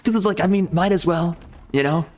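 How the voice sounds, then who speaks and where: A man's voice: sits high, a little fast, a little mellow. A man giving casual gameplay commentary as a video creator, ranting in frustration with frequent mild cursing.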